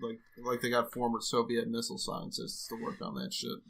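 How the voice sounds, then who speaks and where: A man co-hosting a podcast, joking around in a loud, playful way. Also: medium pitch, little pitch movement, fairly quick, gravelly. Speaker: podcast co-host. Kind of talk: casual chat.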